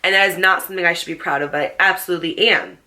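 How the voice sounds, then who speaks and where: A woman in her late twenties telling a storytime vlog to camera, animated and sassy, swearing freely. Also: lowish voice, rapid-fire. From New Jersey. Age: late 20s. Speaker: storytime vlogger.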